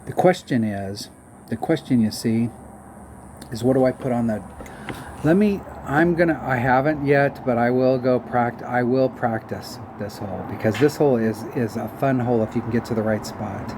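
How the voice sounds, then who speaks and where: A man's voice: mid-range voice, normal speed, darkish tone. A man giving rambling, self-mocking casual commentary on a mobile golf game while humming little tunes, recorded with audible background noise.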